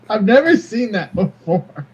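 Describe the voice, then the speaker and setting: A man co-hosting a casual sports chat, wry and quick to laugh. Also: high-pitched, slightly rough, dull audio. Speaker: podcast co-host.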